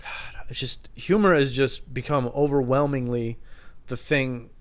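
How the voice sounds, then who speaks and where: A man's voice: medium pitch, steady tone, measured pace. A man rambling alone for his podcast at home in the kitchen, casual, profane and self-deprecating. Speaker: podcast host. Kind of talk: solo rambling monologue.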